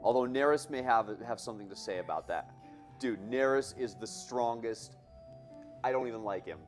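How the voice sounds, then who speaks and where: A man's voice: medium pitch, moderate pace, faint music behind. A man casually commentating while he plays a game, chatty and self-mocking, laughing often. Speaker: game runner at a charity marathon.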